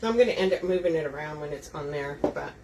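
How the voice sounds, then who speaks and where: Lady doing a live craft demo, chatty, walks you thru each step, bit far off the mic, soft background hum. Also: deep voice, animated, quick pace. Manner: chatty, talks viewers through each step. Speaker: wreath-making host. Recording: distant mic, faint room noise.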